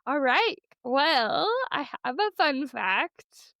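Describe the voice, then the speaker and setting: A woman's voice: high voice, very animated, slow, sharp tone, no echo. A woman co-hosting a podcast in casual chat, chatty and enthusiastic, laughing easily. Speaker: podcast co-host.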